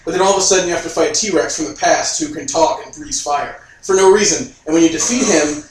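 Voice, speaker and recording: A man's voice: on the high side, quick pace, hardly any pauses. A man co-hosting a casual podcast chat, laughing often and riffing with mock quotes. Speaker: podcast co-host. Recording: very echoey room, far from mic.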